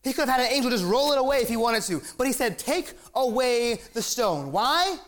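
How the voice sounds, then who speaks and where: A man with a high voice preaches with rising excitement, pressing points home and stopping to ask his listeners for an amen. He stumbles over repeated words when he gets worked up. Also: quick pace. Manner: excitable, emphatic, asks the crowd for amens. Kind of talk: sermon.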